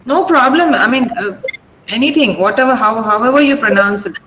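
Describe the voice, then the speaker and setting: Woman, Indian English accent, fairly high voice, patient pronunciation drills, video call mic. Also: fairly bright tone, slight background noise, low-quality recording. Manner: patient, repeats words slowly for drilling. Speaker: English teacher. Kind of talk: online pronunciation lesson. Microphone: computer mic on a video call.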